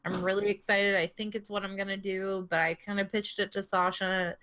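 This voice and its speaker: A woman's voice: mid-range voice, level tone, a little fast, a bit bright. Laughing woman podcast co-host. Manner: laughs often, swears casually. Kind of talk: casual chat.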